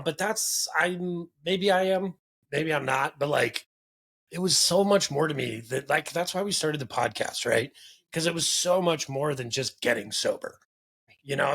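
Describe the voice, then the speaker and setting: A man's voice: mid-range voice, gravelly, fairly bright tone, breathy edge. A man hosting a podcast, talking in an earnest, rambling way and searching for his words. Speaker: podcast host. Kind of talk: casual conversation.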